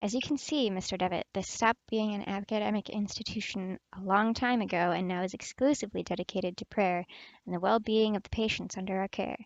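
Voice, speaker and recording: A woman's voice: medium pitch, fairly even intonation, fairly quick, no echo, dull audio, natural voice. A woman reading the lines of a stern, dismissive mother superior who runs a nursing home.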